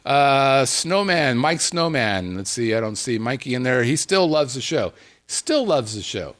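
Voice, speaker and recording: Male podcast host, upbeat and animated, lively pitch, casual mail-reading banter. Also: normal speed. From Las Vegas area. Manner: animated, self-deprecating, laughs easily. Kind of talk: casual podcast chat, reading listener emails.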